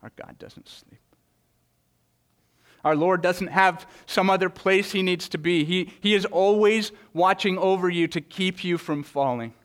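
Male pastor, earnest sermon delivery, fairly high and resonant voice, repeats words, dramatic scripture reading. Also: normal speed, few pauses. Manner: earnest preaching with frequent word repetitions; reads scripture aloud with dramatic swings in pitch and loudness.

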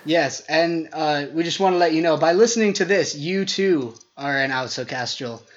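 Young man, podcast co-host, casual comedic chat, animated, rambling storyteller. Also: fairly high pitch, moderate pace, lo-fi sound.

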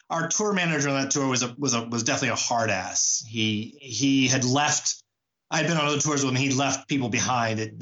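Male musician, halting anecdotal delivery full of fillers, muffled lo-fi audio. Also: medium pitch, a bit bright. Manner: halting, many fillers and restarts. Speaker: musician sharing a memory. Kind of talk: casual spoken anecdote.

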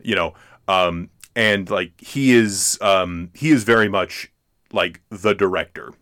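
A man's voice: low-pitched, takes it slowly, a bit bright. A man hosting a casual film podcast, rambling with many restarts and fillers and laughing often. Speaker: podcast host. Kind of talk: casual chat.

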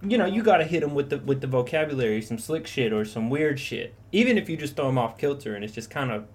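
Speaking quickly with lively intonation, this young co-host has a medium-pitched voice. He rambles through stories in a casual, profane chat, acting out the lines he quotes.

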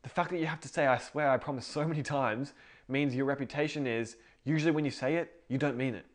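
This podcast co-host talks fast in a slightly high voice. On a casual faith show, he rambles through stories, correcting himself as he goes.

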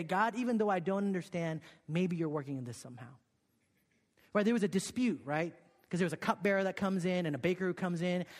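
A man preaching a sermon, telling a personal story with many "okay?" and "right?" asides, dropping to a hush and then rising with emphasis. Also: high voice, big-room sound. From Korea. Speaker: pastor.

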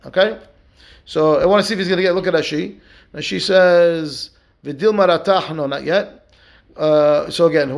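Man, rabbi, Talmud lesson, high voice, gravelly, rhetorical questions, keeps asking "right?". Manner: explains step by step, asks and answers rhetorical questions; reads Aramaic and Hebrew text aloud, then translates.

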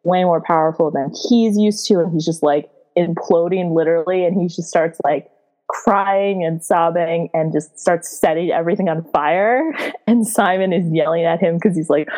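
Woman with a low deep voice, chatty book recap, lots of likes, giggly. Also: moderate pace, darkish tone, rough recording. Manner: rambling, many "like" fillers, giggly. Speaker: podcast co-host. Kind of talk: casual book recap chat.

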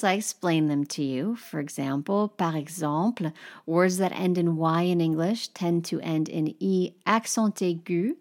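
A woman teaching French to English speakers, in a brisk and reassuring way, pronouncing sample French words with an exaggerated accent. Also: on the low side, darkish tone. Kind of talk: instructional course overview. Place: lives in Paris.

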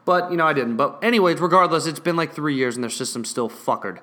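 A man's voice: fairly high pitch, fast talker, bright, forceful tone. A young man telling an irritated, profane story, swearing constantly and stammering over repeated words. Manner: irritated, sarcastic retelling.

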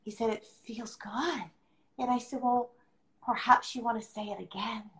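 A woman's voice: fairly high pitch, fairly even intonation, normal speed, a bit bright. Earnest woman in an echoey room. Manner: earnest, emphatic, repeats key phrases. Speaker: guest. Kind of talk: heartfelt podcast conversation.

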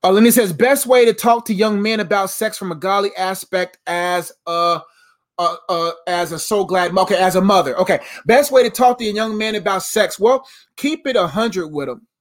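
A man's voice: high voice, normal speed. A man, around thirty, answering viewers on a live stream as a Christian life coach, earnest and preachy, repeating phrases for emphasis.

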